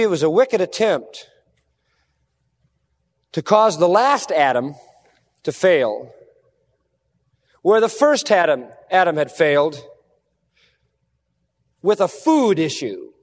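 A man preaching a sermon, earnest and emphatic, dropping low and quiet to stress a point. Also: sing-song, slow pace, pauses often, big-room sound.

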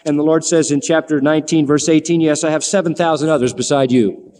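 A man preaching a folksy sermon, acting out voices of biblical figures with wide swings in pitch. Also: steady tone, fast, a little mellow. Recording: long hall reverb.

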